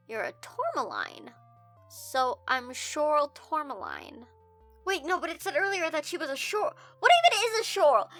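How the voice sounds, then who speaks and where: Bright high-voiced woman, incredulous. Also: dry recording. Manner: incredulous, swears and laughs, shrieks high when confused. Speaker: reader reacting to a fan story. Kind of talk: comedic reading with reactions.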